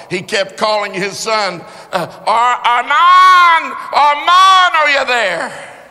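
A man delivers a sermon in a high, sharp voice that cuts through a long, echoing hall. He tells his story at an unhurried pace and climbs into impassioned shouts at its peaks. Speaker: preacher.

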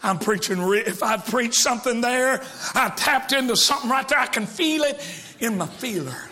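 A male evangelist preaching a sermon, breaking into shouts and dropping to hushed quotes, with joking asides to the congregation. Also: extremely high pitch, expressive, normal speed.

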